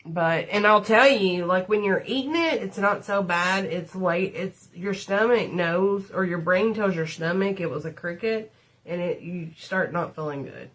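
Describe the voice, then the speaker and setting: A chatty livestream host with a low, fairly bright voice tells casual, rambling stories on a makeup stream. She speaks unhurriedly and addresses her viewers as "y'all."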